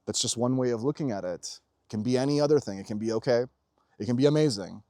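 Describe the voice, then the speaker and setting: A man delivering a casual motivational monologue about spirituality, intense and full of swearing, swinging between loud urging and low murmurs. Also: quick pace, dry recording, clean studio sound. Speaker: spiritual vlogger.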